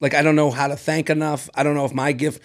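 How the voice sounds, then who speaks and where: Here a podcast co-host speaks fast and fairly high in a loose, chatty exchange. He's an animated storyteller who mimics the voices of the people in his tales, cursing without restraint and breaking into frequent laughter.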